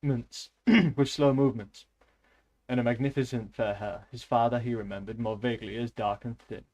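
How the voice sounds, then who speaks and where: A man putting on a Russian accent to read a book in a deep, sullen, slow voice. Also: fairly even intonation, darkish tone, highs cut off, lightly acted. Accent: put-on Russian.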